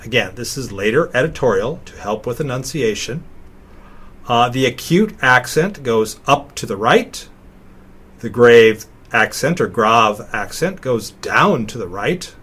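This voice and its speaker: A middle-aged man teaching a recorded slideshow lesson, slowly sounding out words syllable by syllable. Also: medium pitch, expressive, a bit bright, husky. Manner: slow, deliberate, sounding out words.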